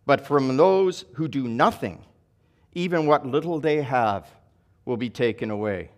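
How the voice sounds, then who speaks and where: A man reading aloud the words of a stern, demanding king from a parable. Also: mid-range voice. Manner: reads the king's words aloud with stern emphasis.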